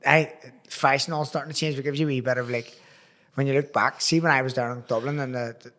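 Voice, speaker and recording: A man's voice: medium pitch, steady tone, fast talker, fairly bright tone. Belfast man, podcast host, loose and rambling, full of local slang. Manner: rambling, nostalgic, uses slang like "wee" and "crack". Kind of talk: casual chat.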